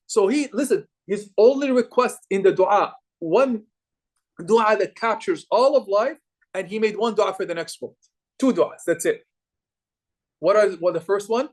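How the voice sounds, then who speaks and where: A young man giving a lively religious lecture to a live group, asking the audience questions and repeating phrases for emphasis. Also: high voice, moderate pace. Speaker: religious teacher.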